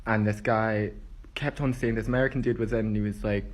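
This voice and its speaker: A Scottish man with a Scottish accent telling a story in a low, muttering, profane way. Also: steady tone, fairly quick. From Scotland. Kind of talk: casual storytelling.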